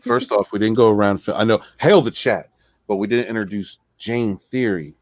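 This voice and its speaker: Male co-host, playful and teasing, middle pitch, dry close sound. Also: moderate pace, no echo. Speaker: podcast co-host. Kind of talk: casual live-stream chat.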